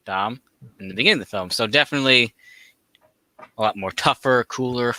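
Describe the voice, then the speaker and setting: Bright-toned man, halting fillers. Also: medium pitch. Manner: hesitant, many fillers. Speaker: podcast co-host. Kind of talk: casual movie discussion.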